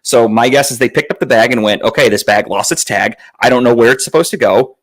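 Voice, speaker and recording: A male podcast host with a medium-pitched voice tells a story casually and at a quick pace, cursing a lot and sounding exasperated. He acts out other people's lines in a raised voice, and the recording quality is low.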